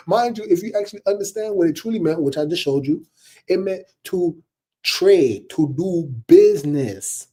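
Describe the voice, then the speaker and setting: A man talks straight to his viewers in a loose, preachy monologue, with a very dark, mellow tone and a husky edge. His delivery is animated and slightly higher-pitched than most men's, and he often breaks into laughs while calling out to "y'all.". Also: measured pace. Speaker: online commentator.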